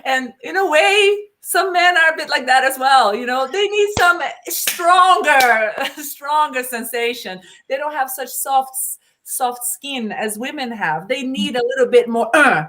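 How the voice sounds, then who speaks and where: A woman's voice: sits high, animated, measured pace, few pauses, pushed and bright, slight background noise. A middle-aged woman, a BDSM educator, talking in an informal Q&A, telling stories animatedly and acting out quotes with laughter. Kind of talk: informal Q&A discussion.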